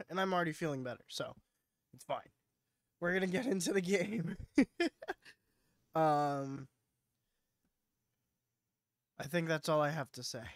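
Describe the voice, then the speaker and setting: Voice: medium pitch, no room sound, studio quality. Stuffy-nosed, sing-song gaming streamer. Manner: chatty, playful, talks to chat. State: stuffy, sniffly nose. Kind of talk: casual live-stream chat while gaming.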